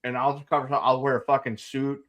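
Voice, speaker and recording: Brief: male co-host, mid-pitched, rambling jokey delivery, casual swearing. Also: level tone, fairly quick, dull audio. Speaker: podcast co-host. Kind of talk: casual chat.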